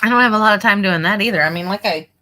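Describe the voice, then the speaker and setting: Bright, chatty woman livestreaming. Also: medium pitch, racing. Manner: chatty and rambling, with frequent fillers and asides. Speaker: livestream host and online reseller. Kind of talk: casual livestream chat. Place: at home.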